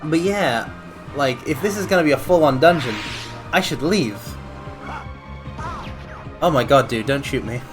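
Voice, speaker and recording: An excitable male streamer at a mid-pitched voice chats loosely while he plays, trailing off into asides and yelping "oh no" when things go wrong. Faint game music plays softly underneath. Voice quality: excitable, rambling, quick to exclaim. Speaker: livestreamer playing a video game. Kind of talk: casual gameplay commentary.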